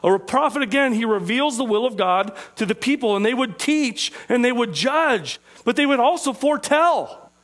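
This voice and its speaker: A man preaching an interactive sermon, asking his listeners questions and slowing down on key phrases. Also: very high voice, expressive, fairly bright tone. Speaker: preacher teaching a group.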